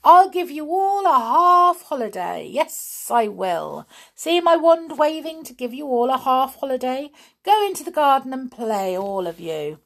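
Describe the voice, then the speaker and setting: A woman voicing a mischievous, boastful male pixie in a storybook reading, talking in an excited, cheeky way. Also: on the low side, takes it slowly, breathy edge, heavily acted. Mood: gleeful.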